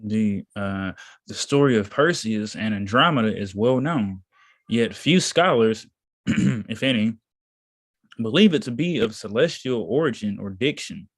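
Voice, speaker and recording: A man reading a text aloud slowly and deliberately, pausing now and then to comment. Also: fairly low pitch, animated. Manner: slow, deliberate reading with pauses. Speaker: reader in a study session.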